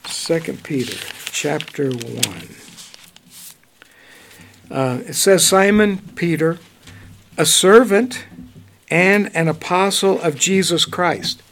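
A man preaching a Bible study, reading verses slowly and then commenting in a relaxed, conversational way. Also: on the high side, vocal fry, slight background noise. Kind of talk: bible teaching.

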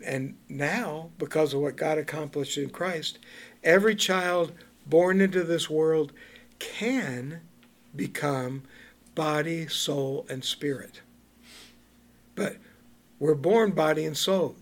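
A man leads an informal Bible study at an easy, slow pace. His voice sits a little high for a man. He moves between relaxed chat, questions to the group and King James verses read aloud. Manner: conversational, asks the group questions and laughs often; reads scripture aloud in King James wording. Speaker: Bible teacher.

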